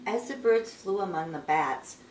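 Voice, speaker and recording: A woman reading a picture book aloud at home, with expressive storytelling. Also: on the low side, normal speed, slight background noise. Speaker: storybook reader. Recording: echoey room, a bit distant.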